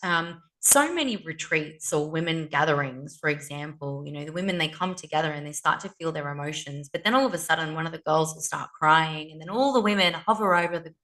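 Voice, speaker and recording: A woman's voice: deep voice, brisk, hardly any pauses, fairly bright tone. A woman co-hosting a podcast in casual chat, passionate and outspoken, swearing freely as she talks. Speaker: podcast co-host.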